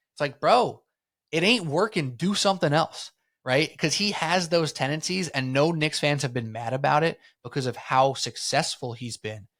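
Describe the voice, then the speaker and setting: A man's voice: on the high side, fairly bright tone. A young man co-hosting a sports podcast, talking in a laid-back, slangy way with lots of "like" and "man". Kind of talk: casual sports chat.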